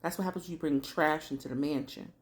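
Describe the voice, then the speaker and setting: A woman's voice: low voice, fast, close to an everyday voice. A woman voicing a haughty, cold young rich woman with cutting remarks.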